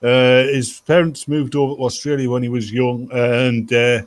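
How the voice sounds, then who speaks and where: UK male co-host, mid-pitched, rambling crude chat full of fillers and restarts. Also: little pitch movement, moderate pace, no echo. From United Kingdom. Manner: rambling, repeats words with many fillers. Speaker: podcast co-host. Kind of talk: casual crude banter.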